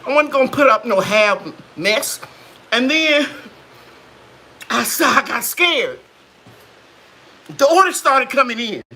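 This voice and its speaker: A woman hosting a casual live chat, her voice bright and sharp. She tells stories with a wide, animated swing in pitch and acts out the people she quotes. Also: takes it slowly, long pauses. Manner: lively, preachy storytelling with acted quotes.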